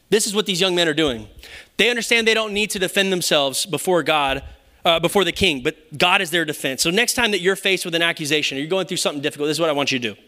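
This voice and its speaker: A young male pastor preaching with a high, bright, ringing voice. He keeps it playful, slipping in jokes and acting out little quotes as he goes. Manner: playful, joking asides and acted-out quotes. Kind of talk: sermon.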